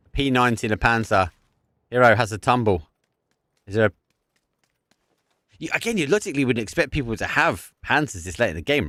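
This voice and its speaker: Excitable low-voiced male esports caster. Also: no room sound. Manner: excitable, bursts into shouts and laughter at big plays. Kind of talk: live play-by-play commentary.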